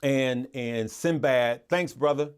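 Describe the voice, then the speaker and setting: A man's voice: mid-range voice, slow pace, smooth. A man hosting a live stream, chatting casually with viewers in an earnest, motivational way, rambling with frequent restarts and repeated words. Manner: rambling and repetitive, with restarts and stammers. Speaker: livestream host.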